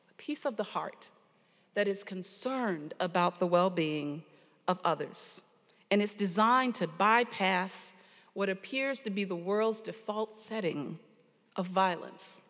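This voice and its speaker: A woman preacher giving a sermon, earnest and storytelling with pauses, in a church sanctuary. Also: mid-range voice, lively intonation, a bit bright. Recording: long hall reverb.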